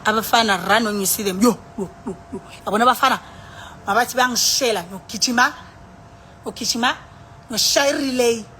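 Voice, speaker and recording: With a fairly high, pushed and bright voice, a woman talks briskly into her phone on a live stream. She's tipsy and has a South African accent, rambling, sighing and alternating languages in casual chat. A little hiss or hum runs underneath.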